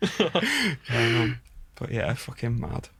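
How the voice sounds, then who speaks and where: A man from the Wirral with a Merseyside accent, a podcast guest telling stories in a relaxed, sweary way and often laughing. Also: mid-range voice, slow, creaky. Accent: Merseyside English. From Wirral, England. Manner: laid-back, sweary, laughs through his stories. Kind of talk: casual storytelling chat.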